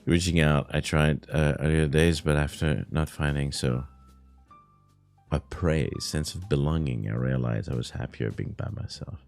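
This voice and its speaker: A man's voice: extremely low pitch, measured pace, gravelly, a little mellow, faint music behind. A man from Quebec whose first language is French, with a Quebec French accent, chatting casually on a livestream in a whiny, ranting way, laughing often and swearing. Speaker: streamer.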